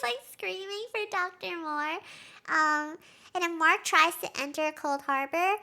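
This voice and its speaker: A woman streamer casually recapping a show, excitable, laughing often and saying "like" a lot. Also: sits high.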